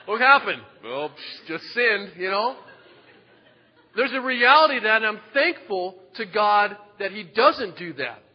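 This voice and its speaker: A male pastor preaching a sermon, animated and joking, dropping from loud emphasis to a hushed voice. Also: high-pitched, takes it slowly. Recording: dull lo-fi sound with long reverb.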